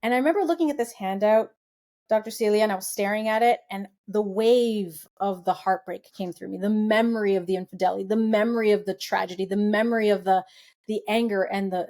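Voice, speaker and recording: A middle-aged woman, a podcast guest, telling a personal story in a conversational way, acting out the voices she quotes and laughing now and then. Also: medium pitch. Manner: animated, acts out quoted voices.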